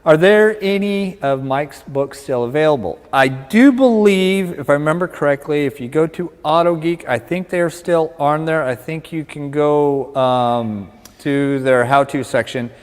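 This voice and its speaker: A man's voice: on the high side, unhurried, clear, resonant tone, long reverb tail. A man co-hosting a livestream in casual chat, upbeat, reading out viewer comments and joking. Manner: upbeat, reads out comments and jokes.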